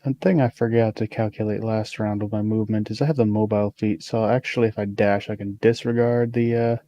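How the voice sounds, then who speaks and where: A man playing a tabletop game, asking halting, filler-heavy questions in casual chat. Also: on the low side, fairly even intonation, dark tone, dull audio. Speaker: player.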